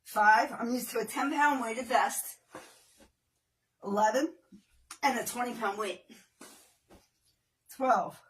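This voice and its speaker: Her voice sits a little high, and she talks slowly with long pauses while leading a live workout, bantering with viewers, counting reps out loud and doing the moves herself. Exercising leaves her strained at moments, and she bursts into playful off-key singing. The mic is distant and picks up a little hiss or hum in this casual livestream chat.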